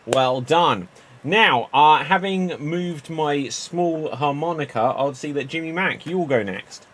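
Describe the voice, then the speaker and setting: A man hosting a live improv show, chatty and lively. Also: on the high side, measured pace, slight background noise. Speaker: improv host.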